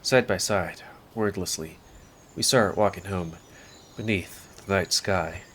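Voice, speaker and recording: A man's voice: low voice, takes it slowly, fairly bright tone, a little hiss or hum. A man casually reading a visual novel aloud in first person, with offhand asides. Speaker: game streamer.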